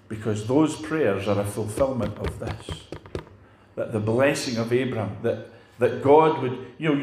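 A man's voice: mid-range voice, a little mellow, echoey room. An older man preaching a sermon in a conversational way, putting rhetorical questions to his congregation.

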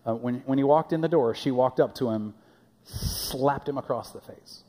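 Man, pastor, casual sermon, repeats words, medium pitch, long church reverb. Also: normal speed, dark tone. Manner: conversational, repeats his words and acts out quotes. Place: church sanctuary.

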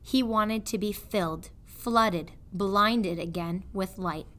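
A woman, a third grade teacher, reading a children's novel aloud in a measured storytelling way. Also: medium pitch, a bit bright.

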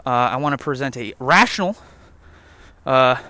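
With a medium-pitched, sharp voice and lively intonation at normal speed, a young man vlogs a profane, jokey rant while hiking a trail. There's no echo on the recording.

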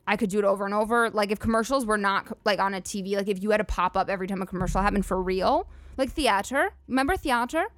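A woman's voice: mid-range voice, fast, hardly any pauses, fairly bright tone, no room sound. A young woman hosting a solo comedy podcast, ranting in a chatty, sarcastic, profane way full of "like" fillers. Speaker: podcast host.

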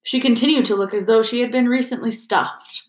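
Woman audiobook narrator, measured, expressive, roomy echo. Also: on the high side. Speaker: audiobook reader.

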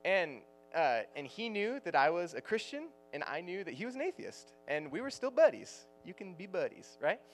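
A man's voice: high-pitched, sing-song, moderate pace, hardly any pauses, faint music behind. A man in his thirties preaching a casual, joking sermon to students as their youth pastor, laughing often as he talks.

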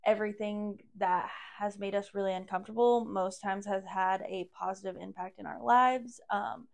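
A woman's voice: mid-range voice, fairly even intonation, normal speed, vocal fry. Woman, podcast guest, casual chat, blunt and sassy.

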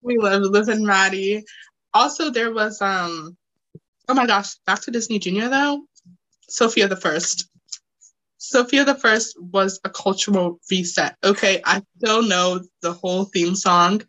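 A young adult woman co-hosting a podcast, chatting casually in an excitable, giggly way. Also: mid-range voice, low-quality recording. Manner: excitable, giggly, quick to laugh. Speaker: podcast co-host. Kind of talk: casual chat.

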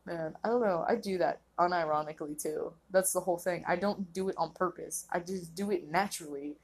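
A woman's voice: lowish voice, a little fast, breathy edge. A young woman hosting a casual solo podcast, rambling and laughing often, filling her talk with "like". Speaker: podcast host.

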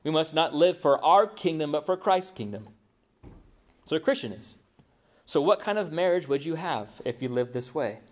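A man's voice: fairly high pitch, expressive, moderate pace, darkish tone. A middle-aged man preaching a sermon as pastor, talking conversationally, asking the congregation questions and acting out people's excuses. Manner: conversational, asks the audience rhetorical questions; acts out quoted excuses in a mocking voice.

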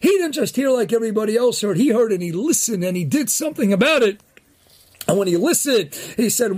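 A man hosting a daily inspirational Torah talk, telling jokes and teaching, with animated delivery and Yeshivish Hebrew terms, rising to emphatic near-shouts. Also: high voice, normal speed.

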